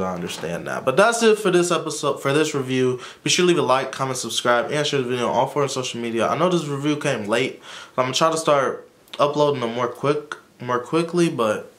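A man's voice: mid-range voice, animated, brisk, a bit bright. A man giving a casual, rambling recap of a TV episode as a YouTube reviewer, frank about what he likes and dislikes. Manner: chatty, rambling, dismissive asides like "blah, blah, blah".

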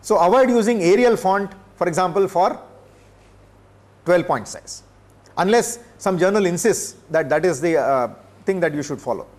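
Measured older professor, high voice. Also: male voice, lively intonation. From India. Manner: measured, pausing often with filler sounds. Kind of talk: classroom lecture. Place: lecture room.

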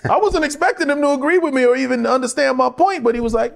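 A man's voice: very high voice, fast talker, gravelly. A middle-aged man, an actor in a candid interview, telling stories and acting out other people's lines, laughing often. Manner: animated, acts out quoted voices, laughs often. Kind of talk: candid conversational storytelling.

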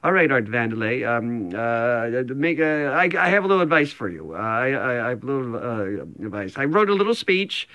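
A man's voice: mid-range voice, very animated, normal speed, hardly any pauses, sharp tone, lo-fi sound. Rambling, stammering comic man. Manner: rambling, self-deprecating, full of stammers and restarts. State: sweaty after a run. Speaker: comedian recording a personal video message. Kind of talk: rambling improvised comic message.

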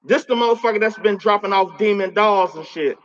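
A man with a fairly high voice rants live on a stream, cursing and taunting something unseen. He is confrontational and profane and stammers through repeats when he gets heated. The audio is muffled and lo-fi, like a phone mic. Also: brisk, a bit bright. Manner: repeats words when worked up. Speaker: livestreamer addressing a spirit.

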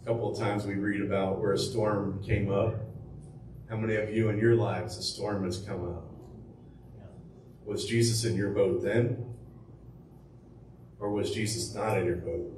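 A man's voice: lowish voice, steady tone, a little slow, pauses often, noisy background. A man preaching as pastor, telling the story conversationally with rhetorical questions and fillers. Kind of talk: sermon. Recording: echoey room from far off with faint ambience.

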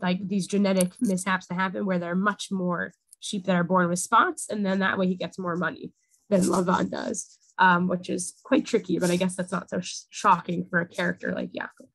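A woman's voice: on the low side, level tone, normal speed, creaky, fairly bright tone, no echo, low-quality recording. A young woman teaching a casual Torah class, talking things through with many fillers. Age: young adult.

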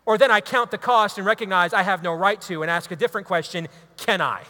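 High, bright-voiced man preaching in a hall. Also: fast. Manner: preachy, emphatic, builds to loud exhortations. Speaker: radio talk show host giving a talk. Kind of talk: impassioned speech to a live audience. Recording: long hall reverb.

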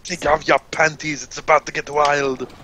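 A man's voice: on the high side, level tone, moderate pace, noisy background. A young man hosting a gaming session over voice chat, teasing his friends in a goofy, showman-like way. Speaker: gaming channel host. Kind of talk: joking voice chat while gaming.

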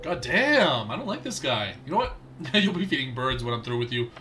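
A man streaming a game, chatting casually with viewers, excitable and laughing often. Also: mid-range voice, moderate pace, soft background music. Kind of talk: casual gameplay commentary.

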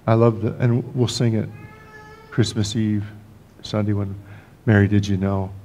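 This older pastor tells stories from the pulpit of a church sanctuary in a folksy sermon, joking on the side and restarting often. The voice is fairly low, mellow, unhurried and level in tone.

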